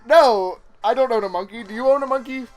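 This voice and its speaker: A woman's voice: fairly high pitch, brisk, a little mellow. A woman co-hosting a let's play, giggly and rambling, with jokey casual commentary.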